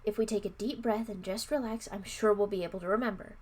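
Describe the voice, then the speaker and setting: A woman voicing a young girl in a storybook, sharp and insistent with her little brother. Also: mid-range voice, steady tone, fast talker, close to an everyday voice. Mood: worried. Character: young girl, older sister, sharp and frightened.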